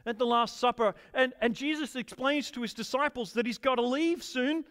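A male pastor delivering a sermon in a church hall, his voice sitting high. He talks in an eager, conversational way, tossing questions to the congregation as he goes. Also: moderate pace, fairly bright tone. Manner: enthusiastic, conversational, asks the audience questions.

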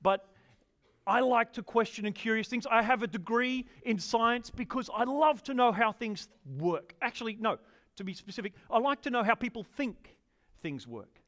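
A male pastor delivering a sermon in a church hall, his voice sitting high. He talks in an eager, conversational way, tossing questions to the congregation as he goes. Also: expressive, normal speed, a bit bright. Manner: enthusiastic, conversational, asks the audience questions.

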